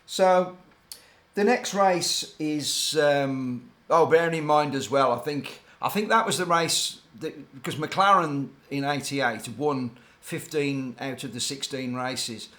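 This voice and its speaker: A man's voice: a little high, slow pace, fairly bright tone. An older man, a former racing team mechanic, telling rambling, digressive stories in a casual, hesitant way. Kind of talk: casual anecdotal storytelling.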